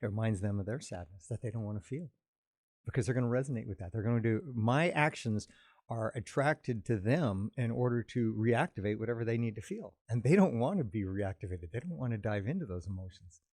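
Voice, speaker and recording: A man in an earnest, reflective conversation about emotions, explaining his view calmly. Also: lowish voice, fairly quick, no room sound, clean studio sound. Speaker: podcast host.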